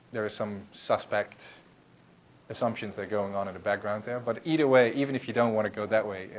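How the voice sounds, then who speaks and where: A man lecturing a university class in a loose, conversational way, with many fillers and restarts. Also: on the low side. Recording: muffled lecture recording with faint hiss.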